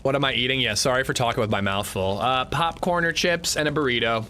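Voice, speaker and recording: A man's voice: medium pitch, fast talker, sharp tone, a little hiss or hum. A man streaming a game, casually chatting with his viewers and swearing when something annoys him. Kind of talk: casual livestream chat while gaming.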